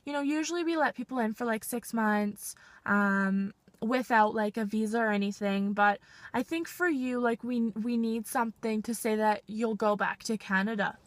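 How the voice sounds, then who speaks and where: A petty male border officer lays out rules in a flat, bureaucratic tone, as a young woman quotes him. The voice stays a little high. The sound is dry and close. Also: normal speed, no echo.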